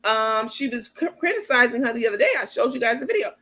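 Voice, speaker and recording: A woman hosting a livestream gives blunt, outspoken casual commentary with some profanity, tossing asides to viewers whom she calls "baby" and "you guys." Her voice is a little high, sing-song, fast and a bit bright.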